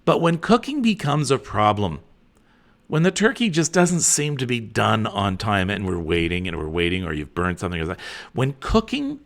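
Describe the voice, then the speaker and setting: Host: middle-aged man, lively swinging delivery, casual live-stream chat, reads comments aloud. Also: fairly low pitch. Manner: animated, chatty, with frequent fillers.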